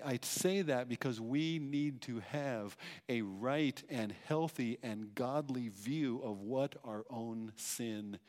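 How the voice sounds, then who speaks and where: A man preaching a sermon, emphatic, asking rhetorical questions and repeating phrases. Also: mid-range voice. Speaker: pastor. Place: church hall. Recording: long hall reverb.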